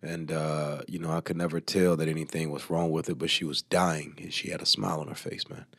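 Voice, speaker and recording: A man's voice: very deep voice, flat delivery, fairly quick, creaky, fairly bright tone, dry recording, studio quality. A man, talking emphatically as an interview guest, often laughing. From Alabama, US. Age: 30s. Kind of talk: casual interview talk.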